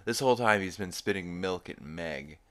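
A young adult man recapping a cartoon episode on his podcast with a very low voice. He rambles casually, laughing at the jokes and filling pauses with ums and uhs. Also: animated, a bit bright. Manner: rambling, filler-heavy, amused. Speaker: podcast host.

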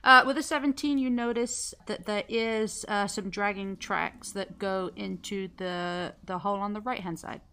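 A woman's voice: medium pitch, fairly even intonation, moderate pace, few pauses, bright, forceful tone, a little hiss or hum. A woman narrating a tabletop game as game master, easygoing and often laughing.

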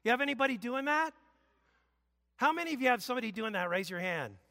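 Male pastor, conversational preacher with loud bursts; tense, forceful tone, long hall echo. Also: very high voice, expressive, quick pace, gravelly. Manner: emphatic, conversational preaching with sudden loud exclamations. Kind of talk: sermon. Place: church sanctuary.

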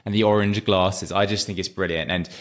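A young man co-hosts a film-ranking podcast, talking in a loose, rambling manner. His voice sits a little low. He circles around his points before landing them. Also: steady tone, a little fast. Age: young adult. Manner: chatty, many fillers and restarts. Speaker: podcast co-host. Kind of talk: casual film-ranking chat.

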